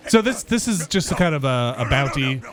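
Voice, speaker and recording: Brief: male host, loose rambling gameplay commentary, mid pitch, laughs a lot. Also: sing-song, brisk. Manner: rambling, explains as he plays, laughs often. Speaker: host playing the game.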